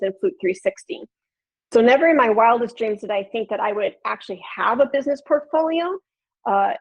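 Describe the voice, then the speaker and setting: A woman's voice: medium pitch, a little mellow. A woman in her thirties from Chicago, with a nasal Chicago accent, giving an upbeat, conversational online presentation to an audience. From Chicago, USA. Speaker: podcast producer and flutist presenter. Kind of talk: webinar presentation. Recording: lo-fi video call audio.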